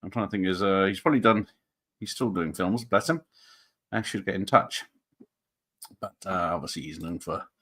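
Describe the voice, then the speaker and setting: A man's voice: sits low, normal speed, long pauses, fairly bright tone. A man hosting a live stream and chatting casually, rambling and reading out viewer comments.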